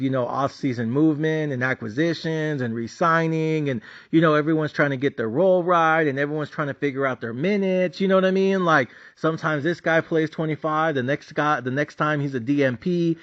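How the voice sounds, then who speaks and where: Profane ranting man, slightly high voice. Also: a little fast, few pauses. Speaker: sports betting channel host. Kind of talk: casual ranting commentary. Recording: dull lo-fi sound.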